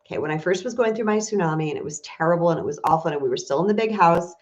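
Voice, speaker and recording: Candid low-voiced woman coach. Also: very fast, a little hiss or hum. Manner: candid, emotional, confessional. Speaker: spiritual empowerment coach. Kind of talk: casual livestream talk to viewers. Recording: dull lo-fi stream audio.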